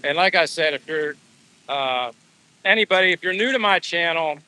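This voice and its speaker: A friendly American man in his fifties talks off the cuff on a live stream, rambling and filling gaps with ums. His voice sits slightly high and sounds bright and forceful. He is out walking, speaking into a phone held at arm's length. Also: lively intonation, moderate pace, clear, resonant tone, poor audio. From USA. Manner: friendly, rambling, many fillers. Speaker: vlogger. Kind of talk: casual live-stream chat. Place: outdoors on a walk.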